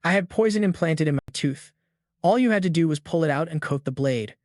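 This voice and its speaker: A cold teenage boy assassin who speaks casually and flatly, as a man voices him. Nothing seems to bother him. The voice sits a little high, and the sound is dry and close. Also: fairly quick, no room sound, close to an everyday voice. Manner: casual, flat, unbothered.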